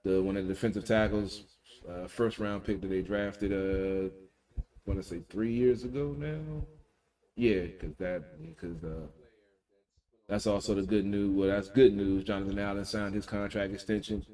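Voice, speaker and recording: A man's voice: on the low side, steady tone, normal speed, warm tone, far from the mic. A man co-hosting a casual talk radio show, breaking down football news in an emphatic, slangy way.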